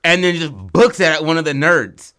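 A young male co-host with a slightly high, sharp, very animated voice brainstorms a movie plot at a moderate pace. His laid-back, rambling storytelling is full of crude slang.

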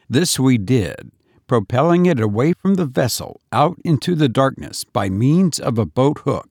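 A man narrating an audiobook in a measured storytelling manner, close to the mic. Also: mid-range voice, expressive, a little mellow, no echo. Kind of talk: scripted narration.

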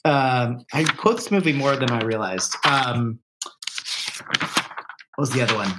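A man's voice: mid-range voice, unhurried, pauses often, very noisy. A man co-hosting a casual movie discussion, often breaking into quoted lines. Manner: animated, quotes movie lines in mock voices. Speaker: podcast co-host.

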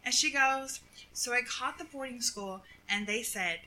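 Bright-voiced young woman telling a story. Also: a little high, normal speed, rough recording. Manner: animated storyteller, acts out quotes, laughs often. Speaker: podcast co-host. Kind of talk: casual storytelling chat.

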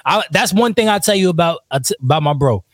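A man's voice: on the high side, animated, fast talker, dry recording. A man, a rapper, telling a wild story in casual chat, slangy and laughing often.

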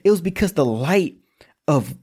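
A preacher with a husky, slightly rough voice gives a relaxed, conversational sermon. The pitch sits in the middle, and the talk is informal, with restarts and slangy asides. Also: moderate pace. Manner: casual, repeats words, informal slang.

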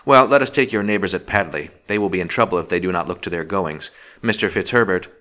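A man reading the part of a passionate older magistrate who speaks harshly and forcefully. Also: low voice, quick pace. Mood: stern. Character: passionate older male magistrate, gruff and stern.

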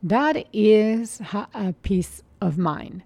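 Calm gravelly woman, dry close voice. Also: medium pitch, very slow, dry recording. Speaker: mindfulness speaker. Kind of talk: reflective spiritual monologue.

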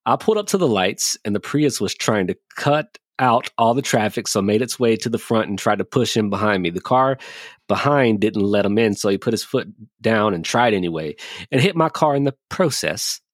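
A man's voice: lowish voice, expressive, normal speed, no echo, studio quality. A man hosting a podcast in casual chat, joking loosely, swearing freely and laughing as he tells stories. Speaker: podcast host.

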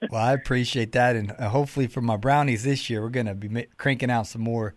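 A man's voice: medium pitch, steady tone, quick pace, dry recording, studio quality. A man from Georgia, hosting a podcast in a casual, folksy chat, often repeating his words. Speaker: podcast host.

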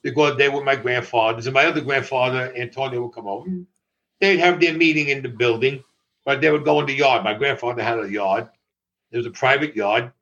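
An older man recounts old stories in conversation, breaking into laughter and cursing freely. His voice sits at a mid pitch. The recording is dull and lo-fi. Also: a little fast. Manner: animated, laughing, swearing freely. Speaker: interviewee. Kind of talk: storytelling in conversation.

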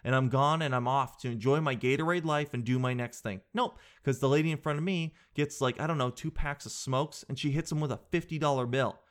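Animated young man doing stand-up. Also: mid-range voice. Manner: animated, slangy, mimics people in quick put-on voices. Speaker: stand-up comedian. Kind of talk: stand-up comedy routine.

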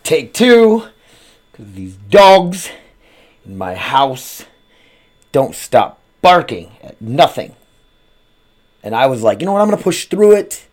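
A man hosts a casual podcast from his home. He rambles from one thought to the next, swears freely and fills pauses with "uh." He sounds like an ordinary guy chatting into a mic. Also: medium pitch, big pitch swings, a little mellow. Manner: rambling, profane, frequent "uh" fillers. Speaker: podcast host. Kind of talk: casual solo podcast chat.

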